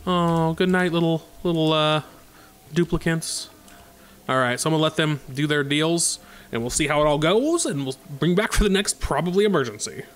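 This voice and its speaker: A man doing a relaxed let's play, talking through each move as he makes it and stopping often for fillers. His voice sits a bit high and swings widely in pitch, which keeps it animated. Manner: thinking aloud, chatty, many fillers. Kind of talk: casual gameplay commentary.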